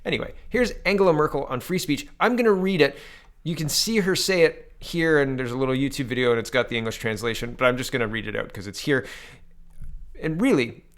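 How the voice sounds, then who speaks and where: A man's voice: mid-range voice, a little fast, a bit bright. A man from Canada giving casual political commentary to camera, loose and conversational, with restarts and quotes read aloud.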